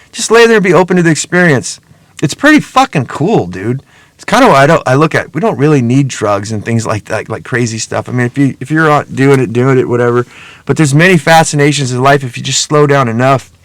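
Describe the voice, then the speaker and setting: A man's voice: medium pitch, a bit bright, no echo. A middle-aged man hosting a podcast, talking in a casual, rambling, earnest monologue full of swearing. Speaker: podcast host.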